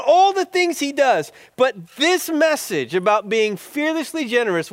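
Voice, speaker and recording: A male pastor delivers a sermon in a high, clear voice. He speaks slowly and with emphasis, drawing out key words as he leads the congregation in recitation. The sound is dry and close. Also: fairly bright tone, no room sound.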